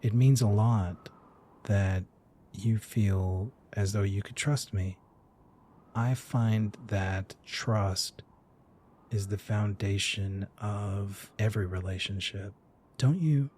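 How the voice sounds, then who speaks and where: A man playing a stony, composed woman ranch owner in a tabletop game, speaking in a measured, formal way. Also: on the low side, dark tone, breathy edge.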